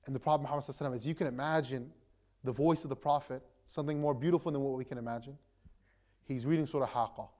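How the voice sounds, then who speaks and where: A young man, an imam, retelling a story to a gathering in a relaxed, conversational way, full of fillers and restarts. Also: medium pitch, rapid-fire. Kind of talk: casual storytelling talk.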